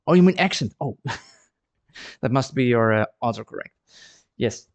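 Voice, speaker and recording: Man, friendly live-stream chat, art studio, dry sound, mid-pitched voice. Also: lively intonation, measured pace, no echo. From Netherlands. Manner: friendly, chatty, repeats words while thinking. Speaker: ceramic artist streaming live. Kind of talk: casual livestream chat.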